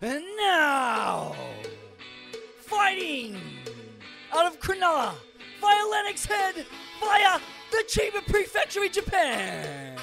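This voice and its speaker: A man putting on the voice of a male boxing-ring announcer, with a drawn-out, shouting delivery. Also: extremely high pitch, huge pitch swings, gravelly, pitched above the performer's own voice, heavily acted. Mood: hyped. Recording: music playing loudly behind.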